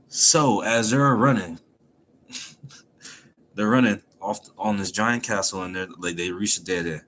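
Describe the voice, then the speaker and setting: A man with a low voice recaps a comic chapter in a loose, casual way. He is animated and laughs often as he tells the story. A faint hum of ambience sits behind him. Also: measured pace, long pauses. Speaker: manga chapter reviewer.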